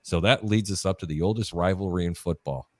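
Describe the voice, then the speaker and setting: Chatty sports-betting show host, dry sound. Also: male voice, sits low, fairly quick, no echo. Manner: chatty storyteller, mimics announcers.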